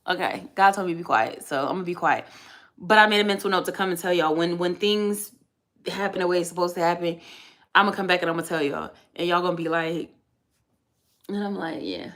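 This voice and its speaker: A woman's voice: on the low side, a little fast, fairly bright tone. A woman in her thirties, a mother of three, venting in a candid, emphatic and rambling way on a casual vlog.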